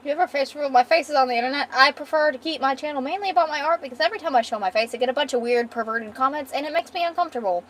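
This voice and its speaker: A young woman streams herself drawing and chats loosely with her viewers. Her voice sits a little high and she swears without a second thought. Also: rapid-fire, few pauses, slight background noise. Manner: chatty, swears freely. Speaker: art streamer. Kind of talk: casual livestream chat while drawing.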